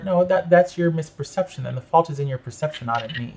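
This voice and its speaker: Male tarot reader, slightly raised pitch, emphatic and protective, repeats key phrases. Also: fast, hardly any pauses, slight background noise. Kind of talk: tarot reading to camera.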